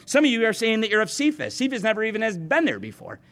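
A man preaching to his congregation speaks quickly in a high, slightly bright voice with huge swings in pitch. Earnest and direct, he frequently backs up to restart or repeat words.

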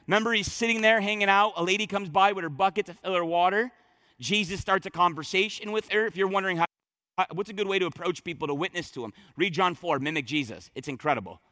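A man preaches a sermon with a high, bright voice. He talks emphatically, doubling words and restarting phrases as he drives each point home. The sound is close and dry. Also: quick pace, no echo. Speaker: pastor.

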